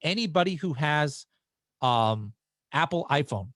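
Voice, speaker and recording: A man's voice: fairly high pitch, animated, unhurried, a bit bright, no room sound, clean studio sound. A man hosting a live webinar, answering viewer questions in a casual, chatty way. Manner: casual and chatty, with frequent restarts and fillers.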